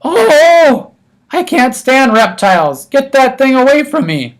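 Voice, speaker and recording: A man voicing a fussy, easily shocked woman guest with a shrill, shrieking manner in an audiobook. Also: very animated, brisk, lightly acted. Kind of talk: audiobook character voice.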